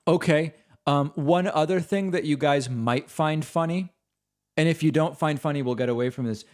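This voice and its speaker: A man hosting a livestream, making quick casual asides and thanking viewers. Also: a little high, darkish tone. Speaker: livestream host.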